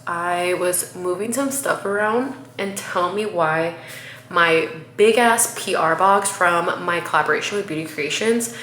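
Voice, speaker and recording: Woman, chatty beauty vlogger, lowish voice, bright and forceful tone, echoey room. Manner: chatty and upbeat, talks straight to viewers. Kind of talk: casual get-ready-with-me chat. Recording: roomy echo, faint noise.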